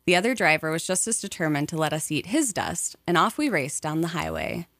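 Woman reading a memoir audiobook, lowish voice, steady, dry sound. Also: no room sound. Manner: measured, even storytelling. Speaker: narrator.

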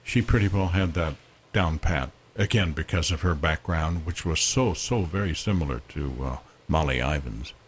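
A man directing a play, speaking in a measured, hesitant way in a radio interview. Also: a bass voice, slight background noise. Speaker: theater director.

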